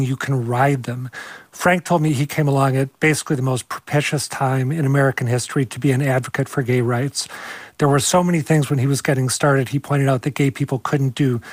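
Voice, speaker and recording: A man's voice: mid-range voice, no room sound. A male radio reporter in a news interview, losing his voice and sounding strained and apologetic.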